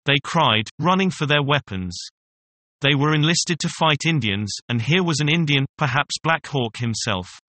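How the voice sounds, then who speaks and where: A man reading a story aloud in a steady, measured storybook narration. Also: a little high, no room sound. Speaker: story reader.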